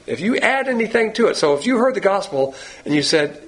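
A man's voice: high voice, sing-song, fairly quick, few pauses. A man teaching a sermon on the Bible in a blunt, folksy, emphatic way.

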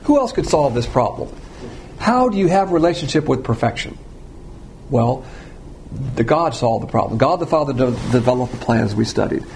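A man preaching a sermon, blunt and provocative, swinging between loud emphasis and quiet asides. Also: medium pitch, expressive, normal speed, vocal fry, a little hiss or hum.

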